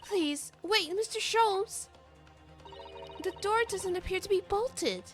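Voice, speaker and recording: A woman voicing a polite, excitable young female assistant in a game. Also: very high voice, slow pace, over music, pitched above the performer's own voice. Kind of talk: reading game dialogue aloud.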